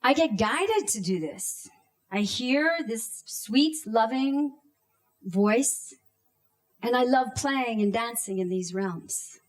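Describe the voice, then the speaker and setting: Her voice on the high side and animated, a woman in her thirties from Canada recounts a personal story on stage. She takes it slowly and deliberately, pausing dramatically and acting out shouts.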